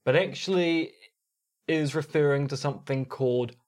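A man's voice: fairly high pitch, normal speed. A man with a New Zealand accent co-hosting a podcast, explaining a story in a casual storytelling way. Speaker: podcast co-host.

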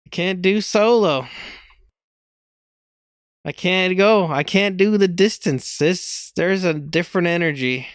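Slow-talking self-mocking young man. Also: sits high, no echo, studio quality. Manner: self-deprecating, rambling, laughs often. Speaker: podcast host. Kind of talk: casual solo podcast rambling.

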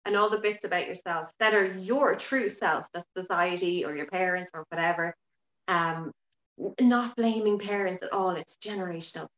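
A woman talking as a podcast guest in casual interview chat, frank and lively, swearing now and then. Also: fairly low pitch, normal speed, roomy sound, highs cut off. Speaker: podcast guest, yoga teacher.

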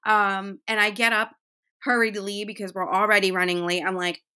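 A woman in her thirties talks in a casual, heartfelt monologue, chatty and full of fillers. Her tone is bright and forward, and her pitch sits in a middle range. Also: level tone, moderate pace, smooth. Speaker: podcast host.

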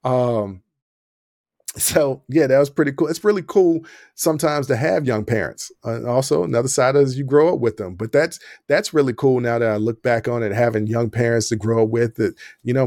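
A young man hosting a podcast, telling a story in a casual, animated way, laughing often and acting out what people said. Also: mid-range voice, moderate pace, gravelly, no echo, studio quality. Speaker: podcast host.

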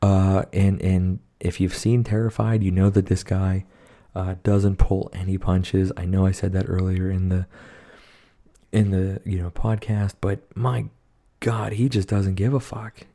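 Man, deep gravelly voice, dark tone, rambling profane movie recap, casual podcast chat. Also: little pitch movement, measured pace. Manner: rambling, profane, lots of fillers. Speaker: podcast co-host.

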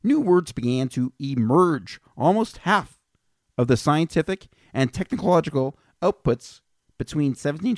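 A man's voice: medium pitch, a little mellow, no echo. Joking man reading facts on a podcast. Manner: joking, reads out facts between banter. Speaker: podcast co-host presenting facts. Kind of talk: casual podcast chat.

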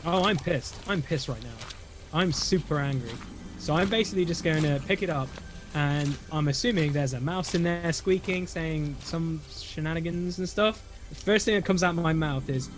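A man playing in a tabletop game, talking in an animated way with exaggerated mock anger. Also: on the high side, normal speed, faint music behind. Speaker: player. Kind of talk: tabletop role-play.

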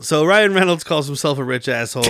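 A man's voice: fairly high pitch, expressive, fairly quick, a bit bright, no echo. A man hosting a casual movie-review podcast, laughing and acting out lines from the film. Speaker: podcast host.

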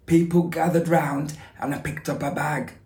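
Male actor as fussy middle-aged northern son, Northern English accent, gravelly, echoey room. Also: a little high, flat delivery, normal speed, darkish tone, pitched above the performer's own voice, close to an everyday voice. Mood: wry. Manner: wry storytelling monologue with quoted voices.

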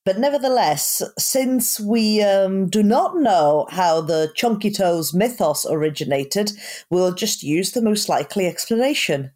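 A woman from Italy with an Italian accent, co-hosting a podcast in casual chat, dry and understated, talking in quick bursts with hesitations. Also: medium pitch, a little mellow. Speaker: podcast co-host.

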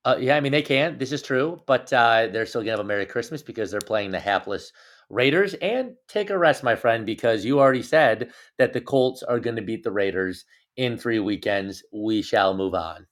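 A man's voice: mid-range voice, moderate pace. A man co-hosting a sports podcast, making his picks in casual, teasing banter with his co-host. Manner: teasing, jokey, animated banter.

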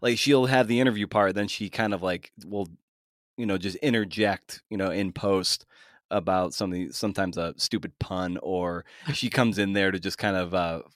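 A man's voice: low voice, fairly even intonation, moderate pace, no room sound, studio quality. A male podcast host chatting casually with a guest, rambling with many restarts. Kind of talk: casual interview chat.

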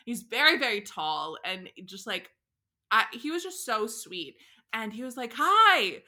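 A young woman co-hosting a podcast, telling stories in an animated, giggly way. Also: a little high, unhurried. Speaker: podcast co-host. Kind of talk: casual chat.

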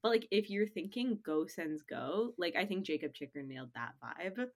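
Lively, giggly woman podcast co-host. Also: on the low side, moderate pace. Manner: animated, giggly, playful. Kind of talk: casual sports chat.

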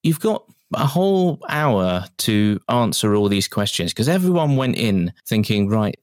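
A man's voice: on the low side, sing-song, measured pace, darkish tone, no room sound, clean studio sound. A man co-hosting a podcast, chatting casually and laughing often. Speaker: podcast co-host. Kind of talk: casual chat.

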